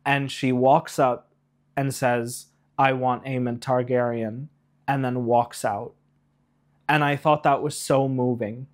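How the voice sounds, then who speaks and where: A man in an excited spoiler rant reviewing a TV episode, animated, rushing ahead and getting emotional along the way. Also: mid-range voice. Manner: animated, rushes and trails off, emotional asides. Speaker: YouTube reviewer.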